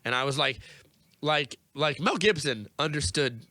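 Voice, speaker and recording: A young man with a congested nose, co-hosting a casual movie review chat and rambling excitably. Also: a little high, unhurried, dry recording. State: congested, sniffing. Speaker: podcast co-host.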